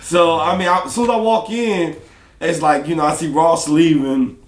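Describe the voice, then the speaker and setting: Male rapper guest, slightly high voice, lively laughing storyteller, echoey room. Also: normal speed. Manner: animated, laughing storyteller who acts out other people's lines. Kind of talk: casual storytelling interview.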